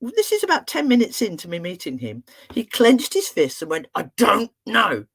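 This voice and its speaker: A middle-aged woman speaks as a therapist addressing an online audience. She tells stories in a chatty, humorous and expressive way, and her pitch swings widely and animatedly. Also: fairly quick, slightly rough. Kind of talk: storytelling talk to an online audience.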